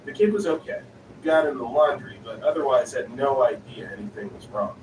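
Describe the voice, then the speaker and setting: A man's voice: mid-range voice, fairly quick. A man reading stories aloud in a plain storytelling delivery. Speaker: story narrator. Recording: roomy, distant, noisy.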